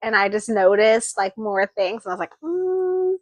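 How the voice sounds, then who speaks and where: A woman's voice: mid-range voice, brisk, dry recording. A woman co-hosting a book club, animatedly retelling the plot in casual discussion. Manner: animated retelling, acting out character lines.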